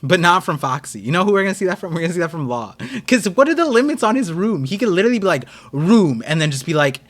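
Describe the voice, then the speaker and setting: A young American man hosting a live stream, chatting casually and excitedly with his viewers. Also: high voice, rapid-fire. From United States. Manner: rambling, excitable, talks to chat. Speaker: streamer host.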